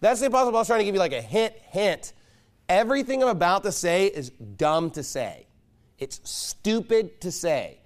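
High-voiced preacher, emphatic. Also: male voice, sing-song, normal speed. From United States. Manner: emphatic, mocking, builds to loud insistence. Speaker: pastor. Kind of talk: sermon.

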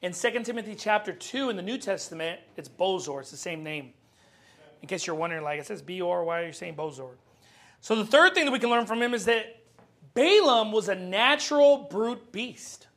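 A man preaching a sermon as pastor, animated and joking, acting out scenes from the Bible. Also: high voice, moderate pace.

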